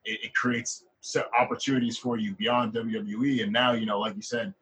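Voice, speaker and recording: A man's voice: medium pitch, level tone, fairly quick, a bit bright, breathy edge, low-quality recording. A man co-hosting a casual wrestling chat podcast, often stammering and repeating words. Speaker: podcast co-host.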